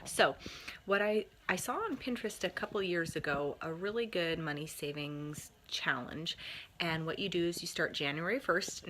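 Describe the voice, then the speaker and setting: A woman, a mom chatting casually with a bubbly, laughing, energetic manner. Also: fairly low pitch, slight background noise. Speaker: mom sharing family tips. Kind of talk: casual chat to camera.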